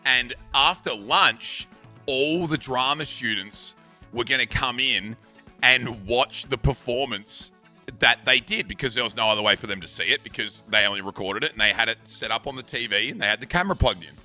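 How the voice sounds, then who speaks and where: Very bright-voiced man telling a story. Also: mid-range voice, moderate pace, soft background music. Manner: animated, swears, acts out shouts. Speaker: streamer. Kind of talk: casual storytelling.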